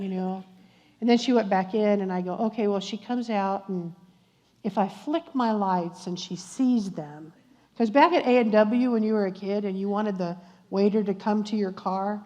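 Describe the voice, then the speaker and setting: An older woman with a drawl recounts a testimony, slipping into the voices of the people in her story. Her tone is dark and mellow, heard through a slightly dull recording with a long reverb from the hall around her. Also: medium pitch, normal speed. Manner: animated storyteller acting out dialogue, warm asides to audience. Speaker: guest speaker at a church luncheon. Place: church luncheon hall.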